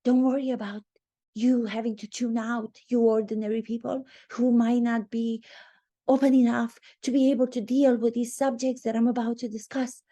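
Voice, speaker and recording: A woman mockingly voicing a haughty, self-important woman celebrity in a breathy, exaggerated sing-song voice. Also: fairly high pitch, flat delivery, normal speed, mellow, dull audio, pitched above the performer's own voice, lightly acted. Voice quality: breathy put-on whisper.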